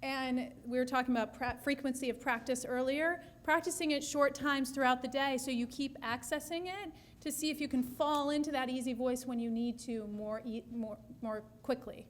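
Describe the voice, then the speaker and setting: A woman's voice: high voice, moderate pace, few pauses. A woman speech therapist answering audience questions at a session, explaining patiently with frequent restarts.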